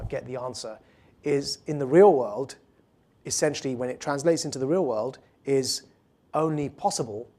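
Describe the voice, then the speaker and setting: Speaking in a medium pitch with a somewhat dark tone, this man is an author invited as a guest speaker. He answers questions from the audience at a public talk, fluent and earnest, with quick restarts.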